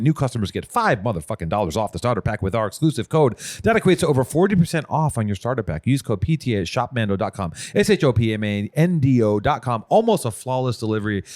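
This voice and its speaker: A man's voice: medium pitch, a little mellow, dry recording. A man hosting a podcast, reading ads in a brash, profane, joking riff. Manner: brash and profane, riffing jokes. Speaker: podcast host. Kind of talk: casual podcast ad read.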